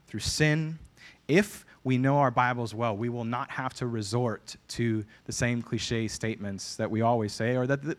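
A man's voice: mid-range voice, fairly bright tone. A man preaching a sermon as pastor, earnest and emphatic, often repeating phrases for weight.

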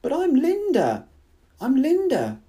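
A man voicing a faded middle-aged woman who pleads, her voice climbing into shrill cries. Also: huge pitch swings, slow, mellow, heavily acted. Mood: desperate.

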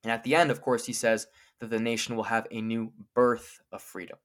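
A man co-hosting a podcast, explaining a famous speech in a clear, lecturing way and slowing down to quote lines from it. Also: lowish voice, flat delivery, a bit bright. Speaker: podcast co-host.

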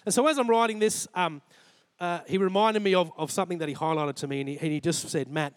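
Australian man, 40s, sermon, earnest personal storytelling, acts out dialogue, higher-pitched, dry mic. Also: steady tone, fast talker, hardly any pauses, no echo. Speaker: preacher. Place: church.

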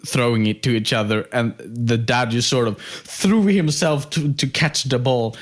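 A man's voice: medium pitch, measured pace. A man co-hosting a podcast, chatting casually with stammering restarts. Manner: relaxed, stammering restarts, laughs at his own story. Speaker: podcast co-host. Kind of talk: casual chat.

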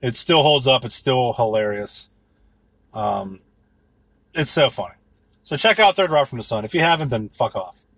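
A man's voice: medium pitch, animated, normal speed, pauses often, fairly bright tone, breathy edge, no echo. A man in his thirties ranting with rambling sarcasm and heavy swearing, mocking things in put-on voices. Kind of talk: profane comedic rant.

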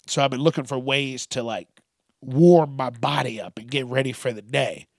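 A man's voice: mid-range voice, moderate pace, vocal fry, no room sound, studio quality. A man hosting a solo comedy podcast, rambling loosely with lots of profanity and amusing himself as he goes. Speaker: podcast host.

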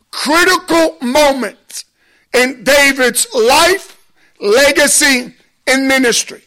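A man delivers a sermon in a strikingly high voice, taking his time with long, deliberate pauses. He speaks with emphasis and builds into impassioned appeals, with a bright, forceful edge to his voice. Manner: measured, emphatic preaching with deliberate pauses, rising to impassioned exhortation. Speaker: preacher.

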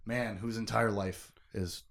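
A man's voice: on the low side, fairly even intonation, measured pace, creaky, fairly bright tone. Emotive young man chatting casually. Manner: emotive, laughing, conversational with many fillers. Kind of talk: casual chat about a novel.

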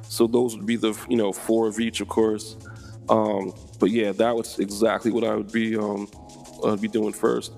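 A man's voice: fairly low pitch, level tone, normal speed, gravelly, a little mellow, soft background music. A man co-hosting a casual gaming chat, explaining event rules with frequent ums. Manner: explanatory, many ums and you-knows. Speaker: co-host.

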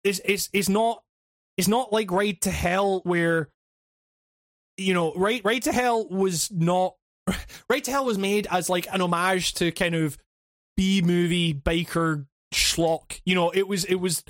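A man's voice: high voice, fairly even intonation, takes it slowly, a bit bright, no room sound, studio quality. A man on a podcast, ranting casually with lots of swearing, fillers and restarts. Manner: rambling, profane, many restarts and fillers. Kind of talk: casual chat.

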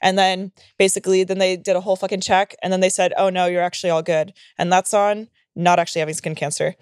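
A woman's voice: lowish voice, fast talker, clean tone, dry recording, studio quality. A young woman co-hosting a podcast, telling stories in a casual, profane way and acting out the people she quotes. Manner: animated storytelling with acted-out quotes, profane. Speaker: podcast co-host.

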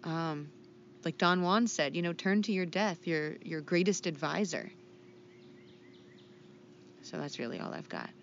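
A woman co-hosting a casual podcast, speaking hesitantly and thoughtfully. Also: on the low side. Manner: slow, hesitant, reflective. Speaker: podcast co-host. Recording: dull lo-fi recording with faint noise.

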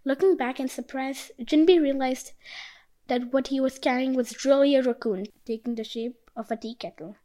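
High-voiced woman telling a folk tale. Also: moderate pace, low-quality recording. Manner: expressive, animated reading. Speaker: storyteller. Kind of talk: storybook narration.

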